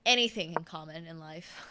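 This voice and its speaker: A woman's voice: sits low, moderate pace, pushed and bright, a little hiss or hum. A woman in her twenties commentating chess on a live stream in a casual, chatty way, humming and laughing between remarks. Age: 20s.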